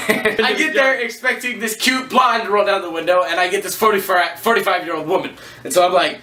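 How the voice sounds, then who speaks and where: Man, casual vlog storytelling, self-mocking jokes, crisp bright tone, roomy echo. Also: sits high, a little fast. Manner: rambling, self-mocking, joking asides. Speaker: vlogger telling a storytime. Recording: echoey room.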